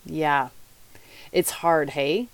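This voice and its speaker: A woman's voice: deep voice, fairly even intonation, drawn-out words, dry recording. A woman life coach giving motivational podcast talk, chatty and candid, speaking straight to her listeners.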